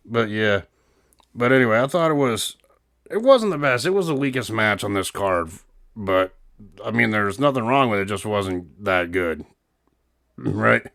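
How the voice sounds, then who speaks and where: A man's voice: fairly low pitch, lively intonation, unhurried, creaky, pauses often, a bit bright, no echo, studio quality. A man co-hosting a casual review chat, joking and laughing often. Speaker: co-host reviewing wrestling.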